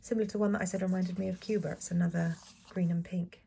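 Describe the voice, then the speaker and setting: A young Englishwoman chatting through a planner sticker haul, gushing and saying um a lot, often dropping to a soft whisper. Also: on the low side, steady tone, quick pace, gravelly, slight background noise. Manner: chatty, gushing, frequent ums and apologies. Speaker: planner vlogger. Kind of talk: casual sticker haul voice-over.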